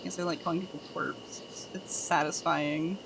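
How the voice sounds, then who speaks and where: A woman's voice: low-pitched, fairly even intonation, moderate pace, gravelly, noisy background. A woman streamer chatting casually with her chat, telling groan-worthy jokes and giggling at them.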